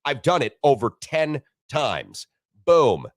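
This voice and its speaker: A man hosting a sports talk show, animated and wisecracking, with crude jokes. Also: mid-range voice, takes it slowly, no room sound, clean studio sound. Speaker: sports radio host.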